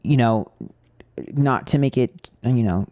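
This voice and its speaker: A man's voice: medium pitch, slow pace, mellow, no room sound, clean studio sound. A man reading tarot on a live stream, chatting casually, blunt and candid, ranting with swearing and lots of fillers.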